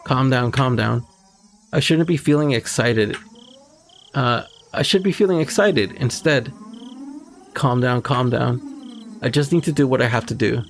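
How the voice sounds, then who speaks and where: A man's voice: mid-range voice, unhurried, pauses often, a little hiss or hum, lightly acted. A man reading as a tense teenage girl talking herself down. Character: panicked teenage girl sneaking through a school.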